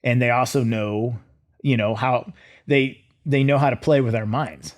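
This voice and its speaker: A middle-aged man, a former soldier, telling his story as an interview guest in a lively way, acting out his own thoughts. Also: mid-range voice, unhurried. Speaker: guest, former Green Beret.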